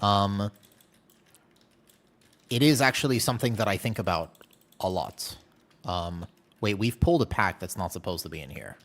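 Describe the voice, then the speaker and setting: A man's voice: on the low side, normal speed, pauses often. Candid, chatty male game streamer. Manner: candid, chatty, animated storytelling with playful exaggeration. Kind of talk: casual livestream chat while gaming.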